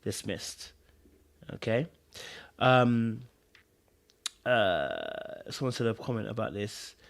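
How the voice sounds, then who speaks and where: A man's voice: medium pitch, animated, takes it slowly. A man hosting a podcast, giving casual relationship advice to live viewers, stressing key words by repeating them and checking in with his listeners. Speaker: podcast host.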